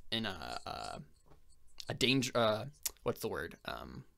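A young man running a tabletop game as game master, telling the scene in a casual, halting way full of fillers. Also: on the low side, very animated, creaky, bright, forceful tone. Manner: halting, filler-heavy storytelling.

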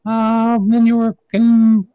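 A man's voice: very high voice, monotone, takes it slowly, clear, resonant tone, no echo, phone-quality sound. A man hosting a comic talk show, chatty and self-mocking, often stumbling over his words. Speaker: host.

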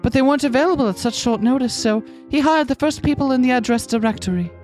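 A woman's voice: sits high, quick pace, a little mellow, faint music behind, lightly acted. A woman voicing a naive, polite young noblewoman in a video game playthrough. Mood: earnest.

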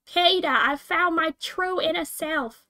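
A woman's voice: very high voice, measured pace, sharp tone, soft background music, pitched above the performer's own voice, exaggerated voice. A woman doing an impression of a cartoon housewife in a whiny, sing-song calling voice. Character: nagging cartoon housewife calling her husband.

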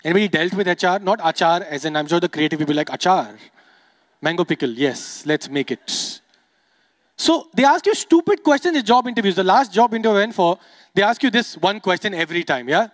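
A young adult man from Dubai works a stand-up crowd in a high, bright voice. He talks quickly and playfully, teasing audience members as he goes. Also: expressive. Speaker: stand-up comedian. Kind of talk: stand-up comedy set.

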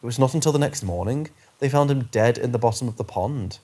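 A man's voice: medium pitch, husky. Man narrating ghost stories over rain. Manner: steady, measured storytelling, slowing on eerie phrases. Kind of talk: scripted narration.

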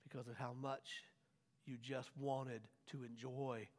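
A man preaching a sermon as pastor, swinging from hushed lines to loud, drawn-out emphasis. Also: medium pitch, level tone. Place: church sanctuary. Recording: long church hall reverb.

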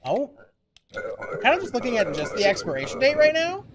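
A young man hosting a gaming channel, chatting and swearing freely through a casual let's-play with sudden excited yelps. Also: extremely high pitch, fairly quick, noisy background.

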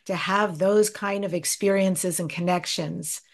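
A woman's voice: lowish voice, fairly even intonation, a little slow, gravelly. A woman hosting an interview, responding with effusive, brief affirmations. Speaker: host.

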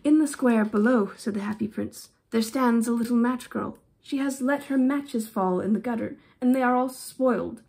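Gravelly woman reading a fairy tale. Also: fairly high pitch, moderate pace, hardly any pauses. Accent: affected English-style accent. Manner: expressive, with short explanatory asides. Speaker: storybook reader.

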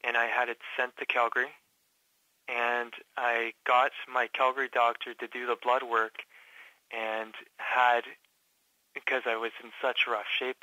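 Male interview guest from Canada, hesitant and halting, bright flat delivery, dry close recording. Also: medium pitch, no echo, poor audio. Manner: halting, many fillers and restarts. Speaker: patient guest. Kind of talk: casual interview.

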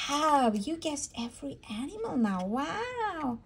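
A woman's voice: a little high, sing-song, slow pace. A woman reading a barn animal book aloud to a toddler, in a sing-song way with animal sounds. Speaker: storybook reader for toddlers. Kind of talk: read-aloud for babies.

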